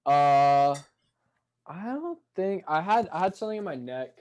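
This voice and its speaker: A man's voice: on the high side, expressive, a little slow, darkish tone, muffled recording. A man in casual chat, recounting his hospital stay in a rambling, hesitant way.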